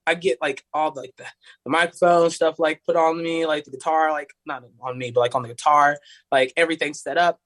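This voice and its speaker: A man's voice: fairly high pitch, fairly bright tone. A young man from Tennessee, telling a story in a rambling, casual way, full of "like". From Tennessee, USA. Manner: rambling, heavy use of "like", acts out voices of others. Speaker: podcast guest, singer.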